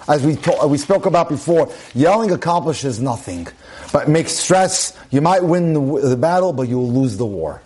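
A man's voice: on the high side, expressive, normal speed, a little mellow. A man giving a sermon-style talk on marriage, emphatic and full of rhetorical questions. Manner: emphatic, repeats phrases, asks rhetorical questions.

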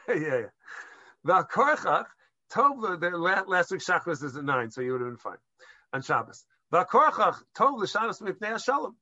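A man's voice: high-pitched, very animated, moderate pace, bright, forceful tone, no room sound, muffled recording. A man giving a Jewish law lesson to a class, explaining step by step and mixing Hebrew terms into English, with some hesitant restarts. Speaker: rabbinic lecturer.

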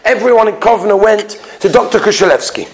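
A man preaching as a rabbi, telling his stories with lively, acted-out voices and frequent repeated phrases. His voice sits a little high for a man. A faint hiss runs under the recording. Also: a little fast. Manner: animated storyteller who acts out the people in his stories; repeats phrases and restarts for emphasis. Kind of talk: storytelling sermon.

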